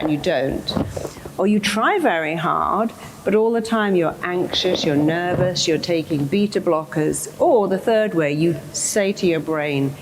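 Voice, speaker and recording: Woman, motivational speaker, emphatic and lively, medium pitch, faint noise behind. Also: moderate pace. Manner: lively, emphatic, acts out inner voices. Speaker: therapist giving a talk. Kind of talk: motivational talk to a live audience.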